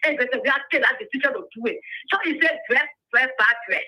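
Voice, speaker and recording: A woman's voice: sits high, fast, hardly any pauses. A woman caller, scolding and repeating herself on a call-in radio show over a phone line. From Liberia. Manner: scolding, repetitive, rising to shouts.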